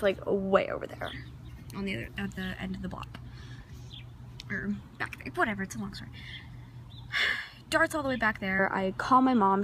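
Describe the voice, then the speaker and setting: A teenage girl vlogging outdoors in her neighborhood, telling a rambling, excitable story into a handheld phone camera. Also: medium pitch, slight background noise. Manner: excitable, rambling, many restarts and fillers. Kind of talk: casual storytelling vlog.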